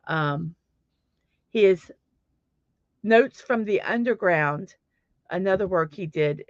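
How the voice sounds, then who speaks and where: On a casual morning livestream, a female host with a mid-range voice talks chattily, makes self-deprecating remarks, and greets viewers by name as they come in. There's no room sound; the audio is dry, slightly muffled lo-fi.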